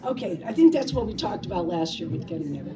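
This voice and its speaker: A woman leading a choir rehearsal, talking briskly and chattily and laughing easily between run-throughs. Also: mid-range voice, sing-song, background noise. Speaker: choir director. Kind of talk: rehearsal instruction. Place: rehearsal hall with a large choir. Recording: distant mic, loud choir and guitar behind. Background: choir singing and guitar.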